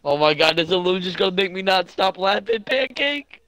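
A man's voice: high voice, fairly even intonation, a little fast, a bit bright, dry recording. A man chatting casually on a stream with a friend, crude, swearing and prone to giggling.

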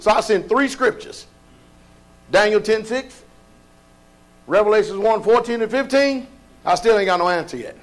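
A male pastor preaching a sermon in a colloquial, folksy way, firing off rhetorical questions and sometimes rising to shouts. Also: high-pitched, moderate pace, pauses often.

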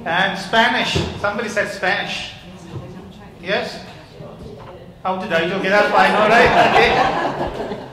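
High-voiced male minister in an echoey church. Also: a little slow, long pauses, crowd noise. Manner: interactive, questioning the congregation. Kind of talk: children's talk in church service. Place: large church hall.

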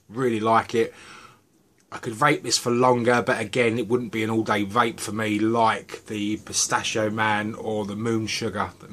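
A middle-aged man from the UK, chatting casually and rambling a little as he reviews vape juices. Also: fairly low pitch. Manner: chatty, relaxed, rambling asides.

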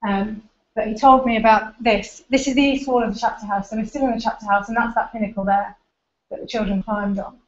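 Fairly high-pitched and fairly quick, a woman keeps a steady tone as she walks through an informal academic slide presentation, indicating pictures along the way. It's recorded in a lecture room, sounding echoey and dull.

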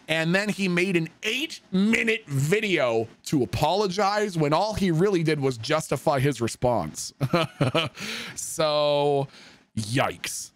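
A man livestreaming and chatting casually with viewers, swearing freely and swinging between heated rants and soft, supportive asides. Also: a little high, lively intonation, slow. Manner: profane, emphatic, swings from ranting to soft. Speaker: livestreamer reading chat.

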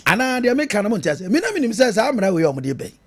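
A man's voice: sits high, very animated, rapid-fire, no room sound. A man with a Ghanaian accent hosting a political talk show, switching between Twi and English and laughing at his own jokes. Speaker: radio and TV talk show host.

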